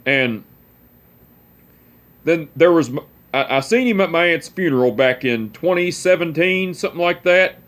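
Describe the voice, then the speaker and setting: A man's voice: on the high side, animated, moderate pace, long pauses, fairly bright tone. A young man tells family stories in a casual, profane way, often laughing at them. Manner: laid-back, profane, laughing at his own stories.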